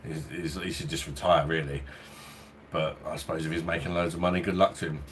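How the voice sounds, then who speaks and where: A man's voice: very deep voice, level tone, fairly quick, fairly bright tone, slight background noise. A man from London with a Cockney and South East London accent, chatting casually and rambling on a livestream beer review at home. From London, England. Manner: chatty and rambling, chuckles often. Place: home in hot weather, fan nearby.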